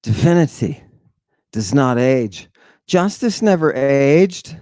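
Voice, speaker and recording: A man giving a theatrical lecture on ancient texts, firing off rhetorical questions and dropping into hushed tones. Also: mid-range voice, very animated, slow pace, no room sound. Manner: dramatic, rhetorical questions, sudden hushed drops.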